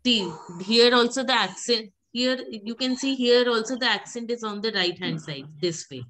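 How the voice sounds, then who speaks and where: A woman's voice: a little high, moderate pace, few pauses, slight background noise. Patient woman drilling pronunciation. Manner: patient, drills words by repetition and corrects gently. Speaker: French teacher. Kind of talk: live pronunciation class.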